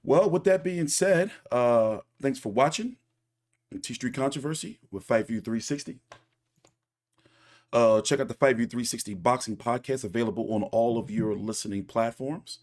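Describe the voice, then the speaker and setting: A man's voice: mid-range voice, normal speed, a little mellow. A man hosting a boxing channel, giving casual, opinionated reaction commentary with many fillers and restarts.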